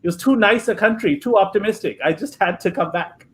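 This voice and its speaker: A man's voice: high-pitched, fairly quick, fairly bright tone. A man from India, a comedian and screenwriter, chatting casually as an interview guest and telling rambling anecdotes. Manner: rambling anecdotes with frequent restarts.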